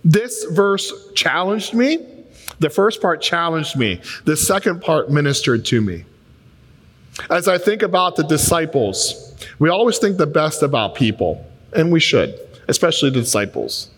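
A man preaching a sermon as a pastor, telling stories and acting out both sides of conversations in quick changes of voice. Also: a little high, big pitch swings, fairly bright tone, slightly rough. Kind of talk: sermon with acted-out dialogue. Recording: long reverb of a large hall.

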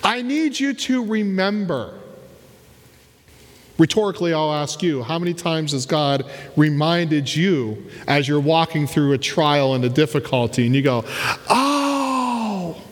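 A man's voice: on the high side, a little slow, big-room sound. A man preaching a sermon as pastor in a church, repeating key words and asking rhetorical questions.

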